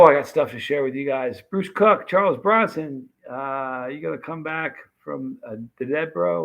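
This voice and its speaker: Fairly high in pitch, gravelly and fairly bright, a man's voice carries a late-night livestream. He chats loosely with his audience, reading their comments and thanking them by name.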